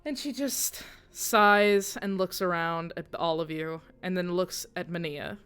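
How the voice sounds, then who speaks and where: A woman's voice: lowish voice, a little slow, a bit bright, clean tone. A woman narrating a tabletop game as game master, casual and swearing freely.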